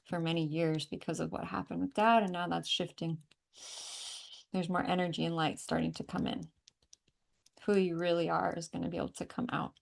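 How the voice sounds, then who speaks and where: A woman guides listeners through a tapping and breathing session, repeating each affirmation in a calm, steady way. Her voice sits on the low side with a noticeable gravelly fry. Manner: calm, repetitive guiding with breathing cues. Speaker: energy healing coach leading a call.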